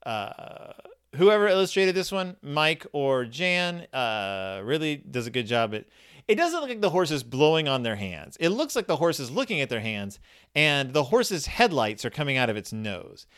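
A man's voice: on the high side, sing-song, normal speed, fairly bright tone, clean tone. Rambling, chatty man reviewing a book. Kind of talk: casual solo review.

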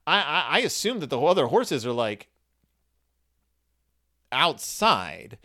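A man recaps a children's story with comedic, sarcastic asides, frequently slipping into quick put-on character voices. His voice is fairly high-pitched, sing-song, and sharp in tone.

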